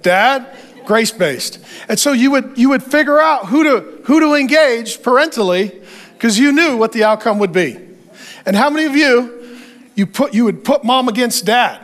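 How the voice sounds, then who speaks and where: A man preaching a sermon, telling stories with energy and acting out what people said. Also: extremely high pitch. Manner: animated storytelling, acting out quoted voices. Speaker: pastor.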